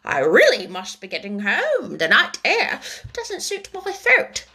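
A woman voicing a fussy old magpie in a storybook reading, speaking slowly. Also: on the high side, wildly swooping pitch, sharp tone, heavily acted.

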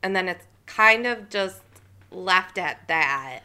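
A woman's voice: fairly low pitch, lively intonation, slow, bright, forceful tone, smooth. A woman co-hosting a casual recap podcast, chatty and retelling scenes by acting out characters' lines. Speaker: podcast co-host.

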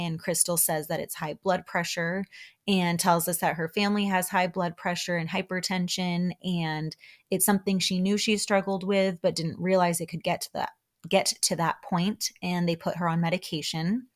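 Woman podcast host, casual recap chat, chatty with asides, lowish pitch. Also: steady tone, normal speed. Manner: chatty, laughs often, asides to listeners.

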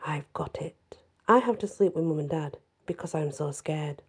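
A woman's voice: deep voice, animated, moderate pace, a little hiss or hum. A woman voicing a spoiled, cruel little boy who talks in a whiny, petulant way.

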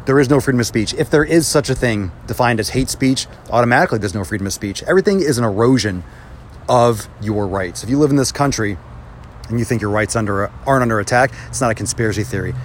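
A man's voice: medium pitch, expressive, fast. A man in a heated, profane rant about his videos, recorded outdoors with faint traffic noise behind. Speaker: social media creator. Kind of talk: angry ranting vlog.

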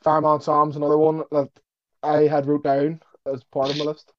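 A young man chatting casually as a podcast co-host, excitable and quick to laugh. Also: on the high side, no echo, dull audio. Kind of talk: casual chat.

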